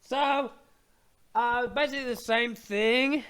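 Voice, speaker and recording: A man's voice: extremely high pitch, fairly even intonation, slow, heavy background noise. A young man giving a goofy, scatterbrained comedic monologue into a desk microphone, acting out silly voices. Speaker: comedic history narrator.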